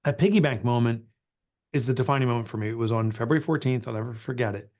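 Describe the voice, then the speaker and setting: A middle-aged man tells a personal story in an interview, earnest and confessional. His pitch sits right in the middle for a man, and he speaks with open, raw feeling. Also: fast, a little mellow. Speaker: author and guest.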